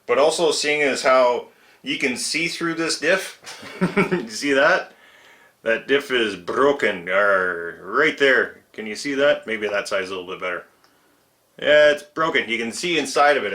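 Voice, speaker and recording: Bright-voiced man chatting through a repair. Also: mid-range voice, a little slow, roomy sound. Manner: chatty, self-mocking, chuckles while working. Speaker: RC truck hobbyist channel host. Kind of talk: casual workshop how-to vlog. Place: home shed workshop.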